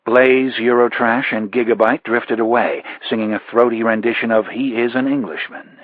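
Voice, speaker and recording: A man narrating a thriller audiobook in a measured, even delivery. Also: medium pitch, dry recording, phone-quality sound. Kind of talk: scripted narration.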